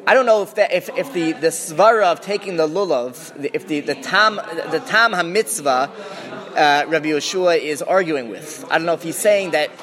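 A man's voice: on the high side, moderate pace, a bit bright. A man teaching a Talmud class, explaining as he goes with many restarts and Hebrew and Aramaic terms.

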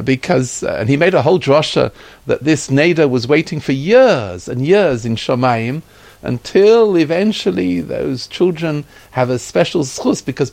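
A man's voice: on the high side, vocal fry. A man telling a story from his own life, acting out the dialogue and sprinkling in Yiddish and Hebrew terms. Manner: acts out quoted dialogue, lively retelling.

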